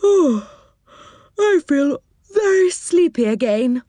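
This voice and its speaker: A woman's voice: mid-range voice, sing-song, a little fast, dark tone, husky, dry recording. A woman voicing Moonface, a drowsy male storybook creature who talks through yawns. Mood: sleepy. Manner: yawning, sleepy.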